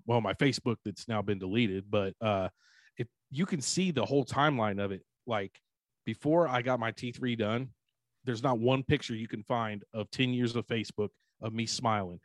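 Male co-host, mid-pitched, relaxed and profane, dry mic. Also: normal speed, dry recording. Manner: profane, laid-back bragging. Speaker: podcast co-host. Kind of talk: casual podcast chat.

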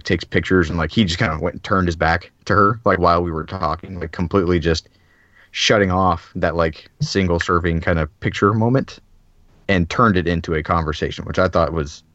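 A man hosting a podcast, telling a story in a casual, animated way with lots of filler words. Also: deep voice, brisk, no room sound, dull audio. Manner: animated storyteller, many "like" fillers, acts out quotes. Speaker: podcast host. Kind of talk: casual chat.

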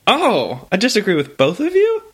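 A man's voice: medium pitch, very animated, normal speed, fairly bright tone. A young man co-hosting a casual tech podcast, teasing, with dramatic swings in his voice. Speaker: podcast co-host.

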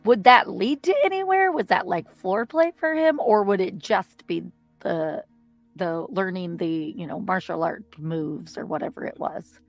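A woman's voice: fairly low pitch, lively intonation, normal speed, gravelly, no echo, soft background music. A woman interviewer asking tentative questions while searching for words.

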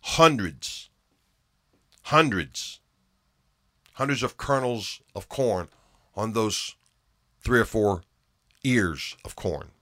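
Man preaching, emphatic, repeats phrases, slow deliberate pace, bright tone. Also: fairly low pitch, lively intonation, no room sound, studio quality. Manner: emphatic, repeats phrases, swings from loud to hushed. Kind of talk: sermon.

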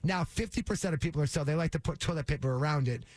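A man's voice: fairly high pitch, rapid-fire, dry recording. A man with a Boston accent co-hosting a radio show, playful and teasing as he reads out studies. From Massachusetts. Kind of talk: morning radio banter.

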